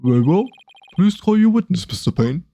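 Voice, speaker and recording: Man reading as a flustered old judge, mellow. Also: sits high, very animated, brisk. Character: flustered elderly male judge. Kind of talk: casual game dialogue reading.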